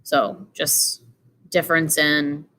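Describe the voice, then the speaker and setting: A woman's voice: low voice, animated, slow pace, bright, forceful tone, a little hiss or hum. A woman giving an informal lesson, walking through slides with many fillers and asides. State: tired, yawning. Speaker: teacher. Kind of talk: casual explanatory lecture.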